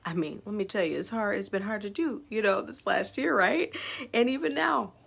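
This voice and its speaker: A woman's voice: medium pitch, moderate pace, vocal fry, slightly rough. A woman who owns a small business, talking casually to her followers about personal growth in an upbeat, chatty way with many fillers. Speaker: small business owner sharing self-development. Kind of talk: casual talk to camera.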